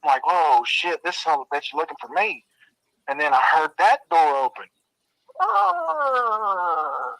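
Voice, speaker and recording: A man's voice: a little high, brisk, a bit bright, no room sound, low-quality recording. A man telling a spooky childhood story in a casual, drawling way, swearing and making sound effects. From Arkansas.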